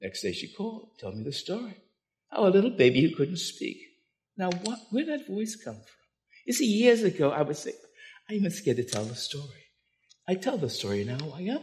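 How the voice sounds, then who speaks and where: An older man, preaching a storytelling sermon that swings from loud, laughing anecdotes to hushed intensity. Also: on the high side, wildly swooping pitch, a little fast.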